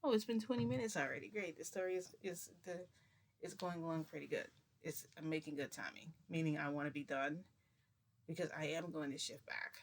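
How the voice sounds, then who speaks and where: A woman's voice: low-pitched, fairly even intonation, moderate pace. A woman vlogger telling a long casual story to her viewers, chatty and rambling, with many restarts.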